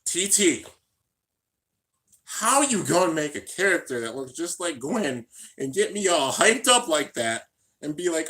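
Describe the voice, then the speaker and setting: Bright-voiced excitable young guy streaming. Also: normal speed. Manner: excitable, slangy, keeps saying "dude"; swings between hyped shouting and low mumbling. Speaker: YouTuber hosting a live reaction stream. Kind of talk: casual live-stream reaction commentary.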